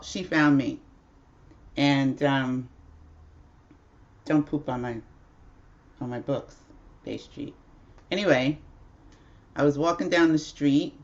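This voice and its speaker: Slow, chatty woman livestreamer. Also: low voice, highs cut off. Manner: chatty, rambling, laughs often. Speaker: livestream host. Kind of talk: casual livestream storytelling.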